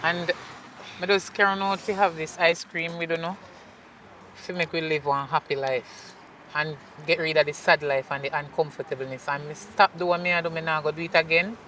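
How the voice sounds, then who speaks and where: A woman's voice: sits low, fairly even intonation, moderate pace, a bit bright, slight background noise, rough recording. A woman with a Jamaican accent playing a remorseful mother who pleads with her daughter in patois. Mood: heartfelt apology. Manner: pleading, apologetic, speaks in patois. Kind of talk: film acting.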